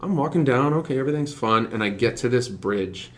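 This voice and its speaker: A young man sits in as a podcast guest and tells a story in easy, casual talk. He keeps slipping into little voices for the creatures in his tale, and his own voice sits at an ordinary middle pitch. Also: brisk. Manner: animated, acts out voices for the animals in his story.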